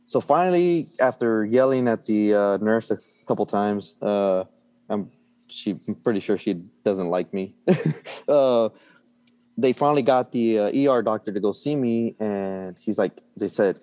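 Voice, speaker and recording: A man's voice: fairly low pitch, normal speed, mellow. A middle-aged man telling a story in a casual chat, full of fillers and restarts, often laughing. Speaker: guest.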